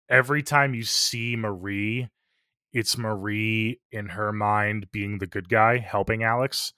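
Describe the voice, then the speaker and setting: During a casual podcast film review, a male co-host speaks with enthusiasm, curses freely, and relies heavily on fillers. His voice sits fairly low and sounds bright and forceful, recorded cleanly in a studio with no room sound.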